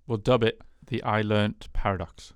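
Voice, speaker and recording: A man co-hosting a podcast in a casual chat, eager and quick to agree. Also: lowish voice, steady tone, smooth, no echo, clean studio sound. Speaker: podcast co-host.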